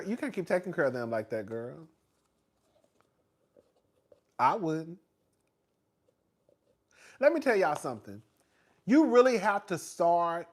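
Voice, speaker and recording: Man in his forties, animated gossip-show host with a lively, bouncing delivery and frequent laughter. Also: sits high. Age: 40s. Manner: animated, laughs often, calls listeners girl. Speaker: reality TV commentator. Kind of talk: casual gossipy commentary.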